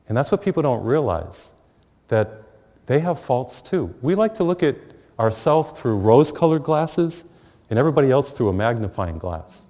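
Man, middle-aged, preaching, humorous storytelling, average pitch, long hall reverb. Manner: animated storytelling with humor and pauses. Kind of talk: sermon.

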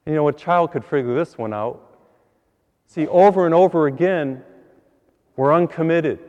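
A priest giving an earnest sermon, repeating words and building to higher emphasis on key points. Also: male voice, a little mellow, long reverb tail, highs cut off. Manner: earnest, repeats words, rises in pitch when stressing a point.

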